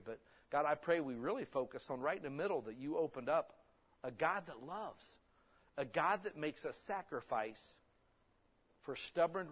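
A man preaching a sermon in a church, blunt and folksy, with sudden loud emphatic bursts. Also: medium pitch. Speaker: pastor. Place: church hall.

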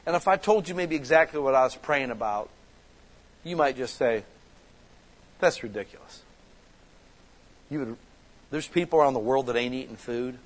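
A man's voice: mid-range voice, a little fast, low-quality recording. A man preaching a casual, conversational sermon that builds to passionate emphasis as a church pastor. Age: adult with children.

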